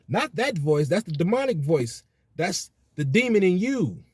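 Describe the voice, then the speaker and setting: A man's voice: sits high, very animated, measured pace, husky, no echo. Preachy man, dry close sound. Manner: preachy, repetitive "you know what I'm saying". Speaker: commentator on religion. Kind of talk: casual monologue.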